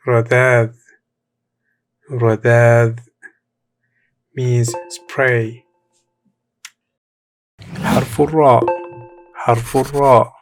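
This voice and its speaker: A man's voice: medium pitch, gravelly, no echo. A man teaching a beginner language lesson, repeating each word and praising the learner between drills. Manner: encouraging, repeats each word slowly for practice. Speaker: Arabic teacher.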